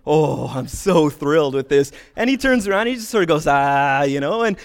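Middle-aged male host, higher-pitched voice, casual storyteller, rambling and lively. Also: a little fast, creaky. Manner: rambling, animated, with many restarts.

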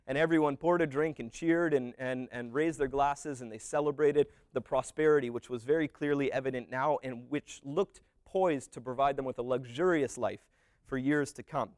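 A man retelling a parable as a story in a relaxed, rambling way, with many fillers and restarts. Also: medium pitch, normal speed, dry recording.

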